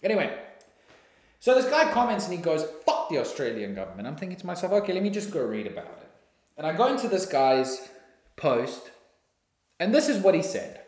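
A man with a South African accent rants indignantly in casual talk, swearing freely. His voice sits a little high and swings widely in pitch. The room around him is echoey. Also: a little fast, long pauses. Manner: animated, indignant, swears freely, bursts into shouting. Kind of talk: casual ranting monologue.

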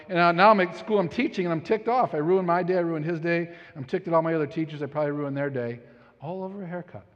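Man in his thirties, slightly high voice, self-deprecating storyteller, echoey hall. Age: 30s. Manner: rambling, self-deprecating and conversational. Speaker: speaker. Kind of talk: storytelling talk with a life lesson. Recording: echoey hall, dull lo-fi sound.

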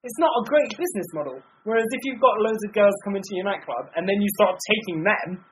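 Animated podcast co-host ranting casually. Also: mid-range voice, fast talker, a little hiss or hum, low-quality recording. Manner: animated, rambling film rant with acted-out quotes. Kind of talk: casual chat.

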